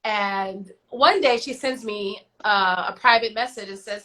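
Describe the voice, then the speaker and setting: Animated woman telling stories on a video call. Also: medium pitch, measured pace, hardly any pauses, slight background noise, poor audio. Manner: animated, acts out voices in her stories; chatty, with slangy asides. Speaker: guest singer. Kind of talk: casual storytelling.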